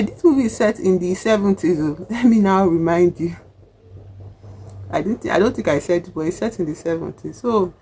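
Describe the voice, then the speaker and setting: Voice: medium pitch, a little hiss or hum. A vlogger with a Nigerian accent, chatting casually through a film recap and acting out the characters' lines. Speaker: film reviewer.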